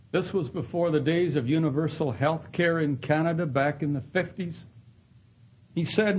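A man's voice: on the high side, moderate pace, darkish tone, breathy edge, low-quality recording. A man preaching a sermon in an earnest storytelling manner, acting out the people in his stories. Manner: earnest, acts out voices in quoted dialogue. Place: Canada.

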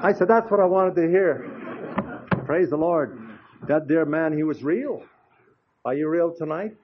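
A man's voice: a little high, a little slow, slight background noise. An older man preaching in a folksy, chatty way, telling anecdotes with frequent asides to the congregation. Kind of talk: folksy storytelling sermon. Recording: dull lo-fi recording.

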